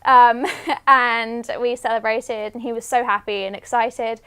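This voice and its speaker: A woman's voice: on the high side, fairly even intonation, measured pace, bright, forceful tone, clear, resonant tone. A young woman from England sharing a personal story in a documentary interview, chatty and upbeat. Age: young adult. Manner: chatty, lightly laughing storyteller.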